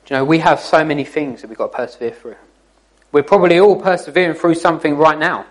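A man's voice: fairly high pitch, quick pace, low-quality recording. Chatty man giving a jokey church talk. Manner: jokey, chatty, teasing the listeners. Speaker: youth speaker. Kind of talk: informal talk to young people.

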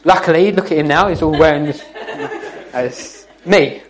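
A youth speaker gives an informal, jokey church talk to young people, teasing his listeners along the way. His voice is on the high side and a little slow, and the recording is low quality.

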